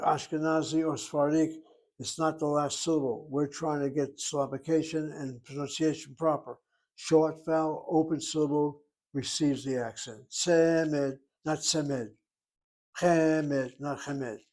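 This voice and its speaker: An older man teaching a Hebrew class, patiently explaining and slowly spelling out words. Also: fairly high pitch, flat delivery, darkish tone. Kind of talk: classroom lesson.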